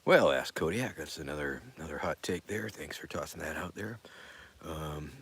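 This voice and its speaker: A man's voice: very deep voice, expressive, moderate pace, a bit bright, slightly rough. A man hosting a casual live-stream show. He rambles in an offhand way, with lots of fillers, and often drops to a mutter or a whisper. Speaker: show host.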